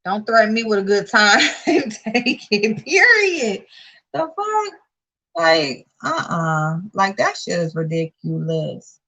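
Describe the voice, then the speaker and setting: A woman's voice: mid-range voice, expressive, slow, creaky, a bit bright, low-quality recording. A woman, a channel host giving casual, profane commentary, blunt and sassy, rising to exasperated outbursts. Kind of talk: casual live-stream commentary.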